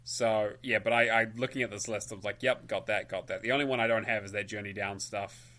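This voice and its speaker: A man's voice: on the low side, fairly even intonation, fast, pushed and bright. A man co-hosting a gaming podcast, talking in a casual, rambling way with frequent restarts. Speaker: podcast co-host. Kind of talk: casual chat.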